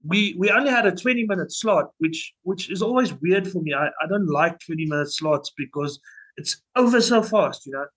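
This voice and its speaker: A man's voice: high voice, animated, normal speed, fairly bright tone, rough recording. Band singer guy chatting on a podcast, lots of stops and restarts. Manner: rambling, many restarts and fillers. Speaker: band vocalist. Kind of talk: casual podcast interview.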